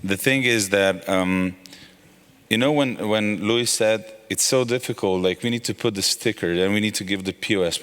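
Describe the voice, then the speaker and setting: A man speaking as a panelist on a conference stage, animated and casual, with many fillers. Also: fairly low pitch. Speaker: panelist, company founder. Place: conference hall. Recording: reverberant conference hall.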